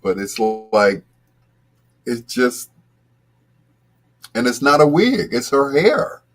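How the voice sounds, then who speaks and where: On his radio show, a man tells a casual, rambling story packed with restarts and asides. His mid-range voice is slow, but it jumps up whenever he gets excited.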